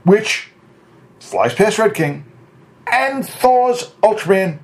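Male podcast co-host with a slightly high, lively voice; dry, sarcastic delivery. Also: takes it slowly. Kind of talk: casual chat.

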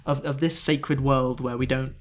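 A chatty podcast host, talking at an everyday middle pitch. The delivery is jokey and loose, full of laughs and little restarts as the story is read out. Everything is casual chat. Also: little pitch movement, normal speed, a little hiss or hum.

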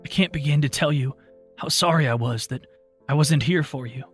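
A man's voice: fairly high pitch, normal speed, breathy edge, faint music behind. Man voicing a grieving young son, earnest, choked.

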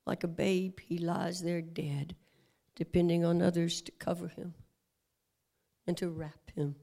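Slow gravelly woman preacher. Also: lowish voice, flat delivery. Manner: dramatic, swings between whispering and loud proclaiming. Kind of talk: sermon.

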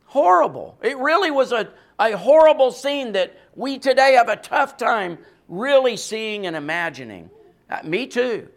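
A man preaching a sermon with a voice that carries, swinging from hushed, quiet passages to loud, emphatic ones. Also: very high voice, very animated, measured pace.

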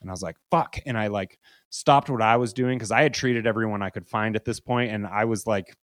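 A man's voice: lowish voice, fairly quick, dry recording, clean studio sound. A young man, a podcast guest, telling a story in a loose, profane way with lots of "like". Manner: loose and profane, heavy use of "like". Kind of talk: casual spoken storytelling.

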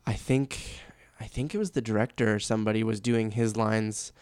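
A man's voice: lowish voice, fairly even intonation, moderate pace, darkish tone, no room sound, studio quality. A young man from Canada, a sports announcer guest, chatting candidly and laughing easily. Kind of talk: casual interview chat.

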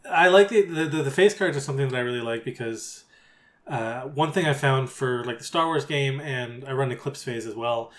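Male host, rambling and conversational, average pitch. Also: brisk. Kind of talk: casual interview chat.

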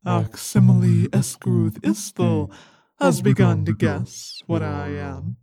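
A woman voicing a vast ancient godlike male being, speaking slowly and solemnly in a deep, gravelly voice. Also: sing-song, dark tone, faint music behind, heavily acted. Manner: slow, solemn and commanding. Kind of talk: audiobook reading.

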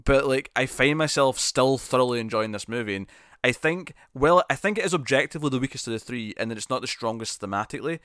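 A man casually discussing a film with a friend, animated and rambling, often restarting his sentences. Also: mid-range voice, fast, smooth, no room sound, clean studio sound. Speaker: podcast co-host.

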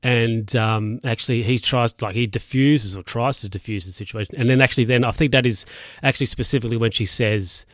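A man's voice: mid-range voice, fairly quick, no echo, studio quality. A young man casually recapping a TV episode, rambling with lots of fillers and asides. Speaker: show recapper.

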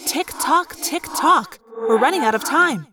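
A woman's voice: high-pitched, expressive, far from the mic, very noisy, voice pushed up. A woman doing an impatient tough teen girl. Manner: grumbling, brisk. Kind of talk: storybook read-aloud.

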